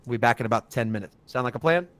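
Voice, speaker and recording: A man's voice: medium pitch, very fast, a bit bright. A man casting a live esports match, giving play-by-play commentary with dramatic build-ups. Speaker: esports caster.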